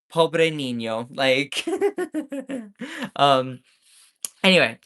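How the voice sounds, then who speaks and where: A man's voice: medium pitch, slow pace, pauses often, a bit bright, clear, resonant tone. A man from the States, ranting sarcastically in live-stream commentary. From Southern United States. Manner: sarcastic, mocking.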